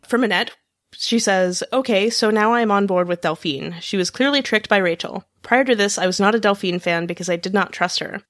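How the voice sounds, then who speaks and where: A woman's voice: mid-range voice, fairly quick, no echo, studio quality, soft background music. Woman co-host reading listener mail. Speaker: podcast co-host.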